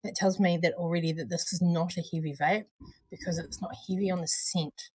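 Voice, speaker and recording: A woman co-hosting a casual live stream, chatty and unhurried, often trailing off and laughing. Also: on the low side, fairly even intonation, darkish tone, slightly rough. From Australia or New Zealand. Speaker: co-host of a vape review stream.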